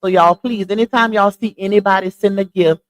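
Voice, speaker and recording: A woman's voice: mid-range voice, fairly even intonation, a little fast, low-quality recording. A woman hosting a casual gossip commentary livestream from home, chatting straight to her viewers and calling them "y'all" and "child". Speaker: livestream host. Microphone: earphones with mic.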